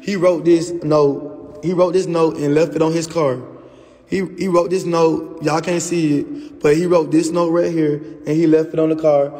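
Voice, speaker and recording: A man's voice: a little high, flat delivery, normal speed, dark tone. Angry cursing man ranting on livestream. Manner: angry, profane ranting to viewers. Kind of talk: venting on a phone livestream. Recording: echoey room with long reverb.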